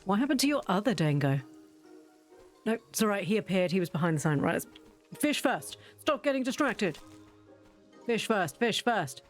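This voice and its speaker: A woman's voice: medium pitch, very animated, a little fast, faint music behind. Giggly woman streamer. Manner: chatty, giggly, self-mocking. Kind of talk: casual game stream chat.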